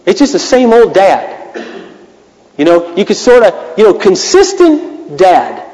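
A man's voice: sits high, big pitch swings, unhurried, a little mellow. A middle-aged man, a pastor, preaching an earnest, confessional sermon with sudden emphatic outbursts. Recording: long hall reverb.

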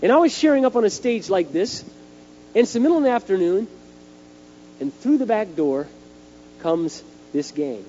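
A middle-aged man delivers a sermon and acts out his stories as he goes. His voice sits a bit high but sounds mellow. The dull lo-fi recording carries a faint hum. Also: normal speed, long pauses. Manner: animated storytelling, acting out scenes. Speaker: youth speaker.

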